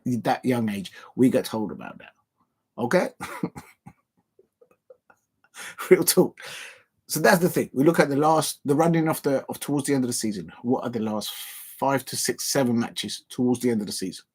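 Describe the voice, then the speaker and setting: A young man talks through a football watch-along in a loose, animated way, laughing and circling back to his catchphrases. His voice is husky and sits at an ordinary pitch for a man. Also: moderate pace, pauses often. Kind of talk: casual livestream chat.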